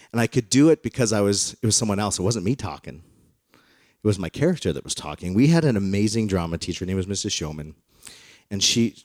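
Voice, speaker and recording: A man's voice: on the low side, a little mellow, dry recording, studio quality. A male pastor delivering a sermon to a congregation, talking in a conversational, storytelling way. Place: in front of a congregation.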